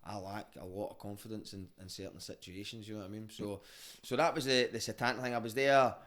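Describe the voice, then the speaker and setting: Low-voiced Glaswegian man telling stories. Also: steady tone, fairly quick, fairly bright tone. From Scotland. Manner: candid and sweary, rambling with restarts. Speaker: comedian guest. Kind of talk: casual podcast interview storytelling.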